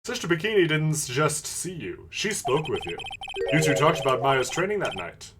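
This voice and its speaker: Woman doing a deep-voiced showy defense lawyer. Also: sing-song, normal speed, noisy background. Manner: low put-on "deduction voice", theatrical. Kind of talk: fan voice-over of a game.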